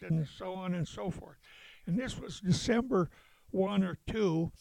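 An older man, a veteran, recalling events in a halting storytelling way with chuckles. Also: high-pitched, creaky, a little mellow, no echo, low-quality recording. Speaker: veteran interviewee. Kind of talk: oral history recollection.

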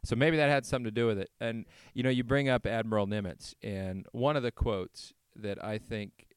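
A man interviewing a veteran, asking measured, prepared questions. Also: fairly low pitch, steady tone, clear, resonant tone, no room sound. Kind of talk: oral history interview.

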